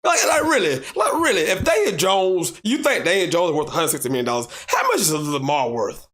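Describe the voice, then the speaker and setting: On his one-man sports talk show, a man with a Southern American accent talks a little fast in a slightly high voice. Repetition drives his arguments, and his animated voice climbs almost to shouting. He reads out viewer comments and disputes them.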